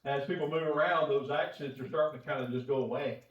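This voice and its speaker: A man's voice: mid-range voice, steady tone, fast talker. A man teaching a Bible class in a folksy, conversational way, chuckling often, recorded in a church auditorium. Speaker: preacher. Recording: echoey church room, distant dull mic.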